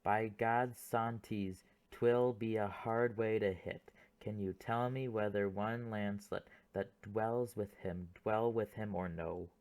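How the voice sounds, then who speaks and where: A man's voice: fairly low pitch, fairly even intonation, takes it slowly, hardly any pauses, darkish tone. A man reading as a half-blind old father. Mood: questioning. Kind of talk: audiobook play reading.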